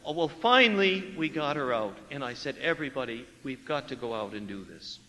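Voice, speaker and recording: A priest preaching a sermon, telling a story with lively acted-out dialogue and hushed asides. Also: male voice, medium pitch, a little fast, long reverb tail, slight background noise, rough recording. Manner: animated storyteller acting out dialogue, dropping to hushed tones.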